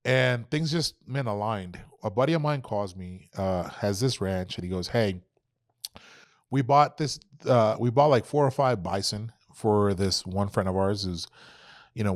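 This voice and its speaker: A young adult man, a podcast guest, telling an animated, profane story and acting out quoted dialogue. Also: on the low side, no room sound, clean studio sound. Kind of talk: casual storytelling.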